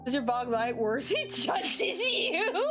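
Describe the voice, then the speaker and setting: A young woman streaming a game, chatting casually in an excitable, giggly, swearing way, often over-the-top about what she reads. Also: high-pitched, slow pace, music in the background. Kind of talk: casual livestream chat.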